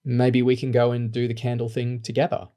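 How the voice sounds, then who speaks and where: A man's voice: mid-range voice, monotone, a little fast, close to an everyday voice. A man reading an audiobook, voicing a caring twelve-year-old girl who is close to tears. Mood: sad. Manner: fond, soft-spoken.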